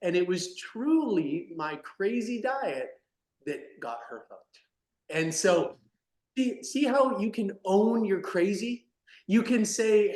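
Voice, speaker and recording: A man talks as an interview guest, lively and emphatic. His voice jumps between loud, excited peaks and quiet, low asides. The room sounds echoey around him. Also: slow pace. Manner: animated and emphatic, swinging between loud bursts and soft asides. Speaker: podcast guest, company founder. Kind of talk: energetic interview talk.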